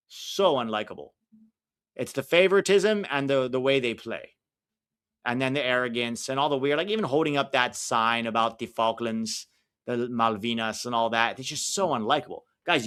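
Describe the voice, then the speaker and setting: A man with a mid-range, slightly bright voice hosts a live watch-along stream, reacting to the play as it unfolds with casual, opinionated commentary.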